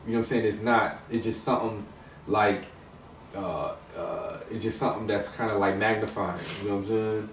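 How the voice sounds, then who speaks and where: A man's voice: fairly low pitch, steady tone, brisk. A man in a casual hip hop discussion, talking in a rambling way with many restarts and fillers. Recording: roomy echo, distant mic, some noise.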